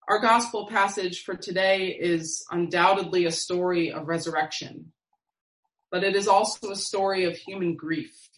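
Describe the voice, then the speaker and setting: Woman preacher, sermon, slow and measured, lowish voice, echoey room. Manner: slow, measured, reflective delivery with long pauses.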